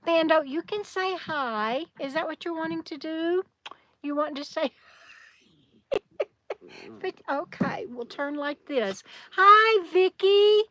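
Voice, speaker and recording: A woman's voice: high voice, lively intonation, takes it slowly, pauses often, dry recording. A woman hosting a casual livestream from a campground, chatting and reading viewer comments aloud. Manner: chatty, reads viewer comments aloud, talks to her dog. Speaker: livestream host. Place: camper at a campground. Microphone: phone on a tripod.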